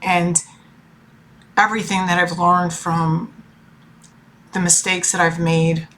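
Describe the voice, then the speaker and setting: A woman's voice: lowish voice, flat delivery, takes it slowly, fairly bright tone. A woman in her forties talking about her family in a personal vlog, emotional and rambling, full of fillers and restarts. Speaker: tarot reader and life coach.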